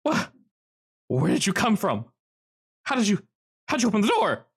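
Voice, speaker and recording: A man's voice: sits high, wildly swooping pitch, normal speed, husky, voice pushed up, exaggerated voice. A man voicing a skinny, nervous test subject in his thirties who stammers in panic. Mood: panicked.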